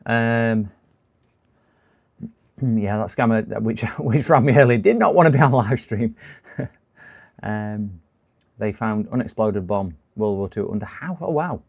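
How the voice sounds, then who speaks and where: A man's voice: fairly low pitch, lively intonation, measured pace, gravelly, long pauses, highs cut off. A man, chatting casually on a live stream while repairing computers, rambling and laughing to himself.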